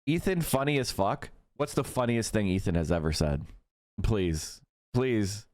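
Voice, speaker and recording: A man's voice: fairly low pitch, animated, unhurried, darkish tone, no echo, clean studio sound. A man in his thirties ranting profanely and mockingly during a live stream commentary.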